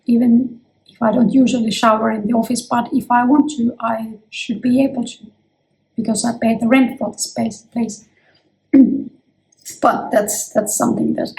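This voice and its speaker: Gravelly-voiced woman in her fifties. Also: a little high, a little mellow, low-quality recording. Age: 50s. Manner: chatty and reflective, with frequent restarts. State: losing her voice. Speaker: vlogger. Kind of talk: casual talking-to-camera vlog. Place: her office.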